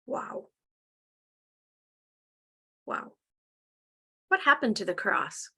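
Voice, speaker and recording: A woman teaching a live online spiritual healing class, earnest and gently guiding, at times emotional, speaking into a video call microphone. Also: medium pitch, slow pace, pauses often.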